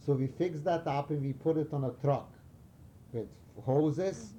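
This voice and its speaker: Older man, from Romania, very dark voice, halting, restarts, animated storytelling, faint background hiss. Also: on the high side. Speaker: interviewee recalling wartime past. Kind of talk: oral history interview.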